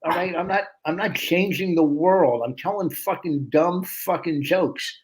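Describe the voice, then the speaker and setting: A man's voice: fairly high pitch, unhurried. A man, a comedian guest on a podcast, talking bluntly and brashly with lots of swearing. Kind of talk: casual chat.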